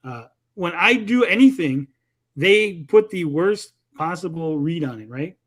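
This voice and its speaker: A man's voice: a little high, expressive, measured pace. A man hosting a casual livestream chat, mocking his critics and quoting them in put-on voices. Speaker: host.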